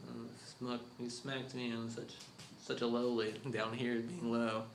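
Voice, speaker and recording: A man's voice: mid-range voice, completely flat delivery, a little slow, echoey room, a little hiss or hum, lightly acted, rough recording. A man doing a whiny, beaten-down teenage dishwasher. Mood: sulking.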